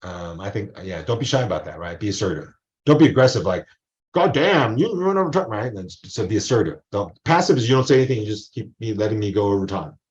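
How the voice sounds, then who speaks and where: A man's voice: fairly low pitch, fast talker, a little mellow, dull audio. A male college professor giving a casual online lecture, rambling into asides and acting out quotes.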